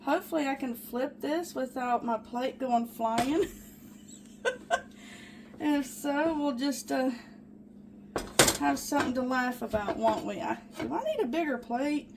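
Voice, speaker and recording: A woman with a high, gravelly voice speaks a bit slowly and pauses often, with noise in the background. She's a chatty home cooking vlogger baking in her small kitchen, easily excited and addressing viewers as "guys" during a casual demonstration.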